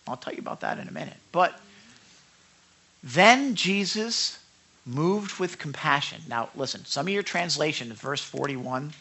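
A man preaching a sermon, animated and talking back and forth with his congregation, acting out quotes. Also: on the high side, creaky, breathy edge. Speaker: pastor.

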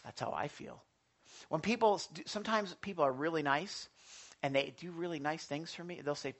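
A male pastor delivering a sermon in an animated way, swinging between loud emphasis and soft, quiet asides. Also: on the high side, moderate pace.

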